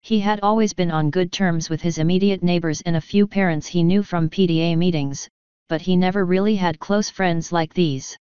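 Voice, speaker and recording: A woman narrating a fanfiction story in a calm, even reading. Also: on the low side, normal speed, clean tone, dry recording. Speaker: fanfiction reader. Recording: slightly dull, lo-fi.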